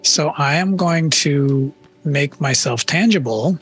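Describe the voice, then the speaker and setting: A man's voice: on the high side, slow pace, a bit bright, husky, soft background music. A man playing in a tabletop game, talking through rules in a matter-of-fact way. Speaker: player.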